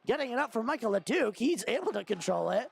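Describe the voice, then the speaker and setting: Young male hockey commentator, high-pitched and gravelly, fast running call with shouts on the big plays. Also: big pitch swings, a little hiss or hum. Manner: rapid running call, rising to shouts on shots and goals. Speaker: play-by-play commentator. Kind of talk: amateur hockey play-by-play commentary.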